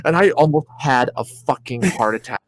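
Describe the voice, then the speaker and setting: A man under forty tells stories on a podcast, swearing freely and acting out his own panicked reactions. His voice sits in an ordinary middle pitch. The recording is dry and close, with no room sound. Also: moderate pace, no room sound. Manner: animated storyteller, swears often, acts out his own reactions. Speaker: podcast co-host. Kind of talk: casual podcast chat.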